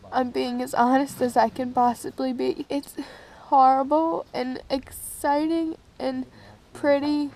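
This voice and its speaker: A woman's voice: high voice, vocal fry, a little mellow, slight background noise, low-quality recording. A young woman, chatting candidly in casual vlog updates from a canyon trail. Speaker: vlogger. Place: outdoors on a canyon hiking trail and campground.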